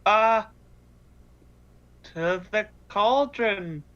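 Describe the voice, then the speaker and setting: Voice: medium pitch, extremely slow, a bit bright, dry recording, muffled recording. A player in a casual tabletop game who is playful and laughs easily.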